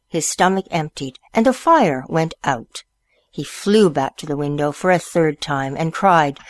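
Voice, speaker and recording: A woman storyteller reading picture books aloud in a slow, expressive way. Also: deep voice, no echo.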